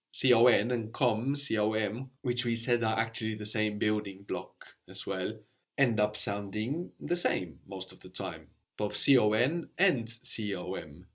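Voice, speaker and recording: A man teaching a language lesson, explaining patiently step by step and often checking with a quick "no?". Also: lowish voice.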